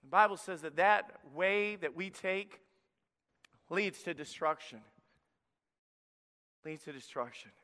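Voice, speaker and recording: Pastor type, male, high and bright, lively preaching, long reverb. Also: unhurried. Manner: energetic, preachy, drops to a hush for emphasis. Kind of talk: children's sermon.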